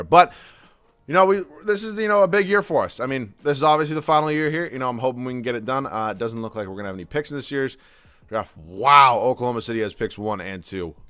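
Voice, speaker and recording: A man's voice: medium pitch, sharp tone, clear, resonant tone, dry recording. A young man giving casual, profane gameplay commentary, ranting as he plays. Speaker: gaming YouTuber.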